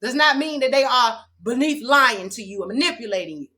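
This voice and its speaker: A woman's voice: on the high side, lively intonation, brisk, bright, forceful tone, rough recording. A woman giving a preachy spiritual vlog monologue as a self-described spiritual teacher, sassy and confrontational, repeating lines for emphasis. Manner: sassy, confrontational, slangy and direct.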